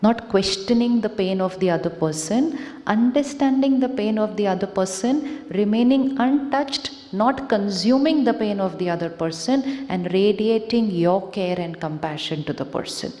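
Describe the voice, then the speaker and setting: A woman speaks with an Indian English accent in a soft, mellow voice, addressing a live audience in a large conference hall. She asks her listeners questions and slips into Hindi as she talks. The sound rings with the long, echoey reverb of a big hall. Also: medium pitch, moderate pace. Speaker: spiritual speaker. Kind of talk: inspirational talk to a live audience.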